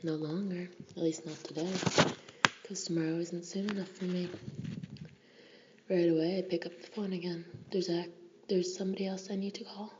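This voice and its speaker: Woman whispering a novel aloud, lowish voice, dull lo-fi sound with a bit of hiss. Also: fairly even intonation, moderate pace, long pauses. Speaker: audiobook narrator. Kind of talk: whispered audiobook narration. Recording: dull lo-fi recording with faint hiss.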